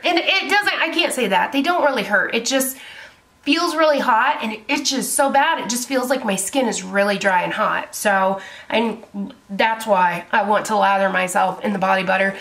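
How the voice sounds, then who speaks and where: A woman's voice: fairly high pitch, normal speed. A young woman, telling a story to her camera in a casual vlog, chatty and full of swearing. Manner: chatty, swears a lot, animated retelling. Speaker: beauty vlogger.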